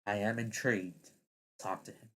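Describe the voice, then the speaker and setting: A man's voice: on the low side, steady tone, moderate pace, sharp tone. A man voicing a bloodthirsty demon captain in an audio story, taunting in a mocking tone.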